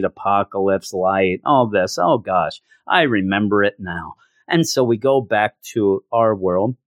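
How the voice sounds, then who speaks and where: A man's voice: mid-range voice, no echo, clean studio sound. Sarcastic rambling man recapping comics. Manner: sarcastic, rambling, stammering restarts. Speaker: comic book podcast host. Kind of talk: casual comic recap and commentary.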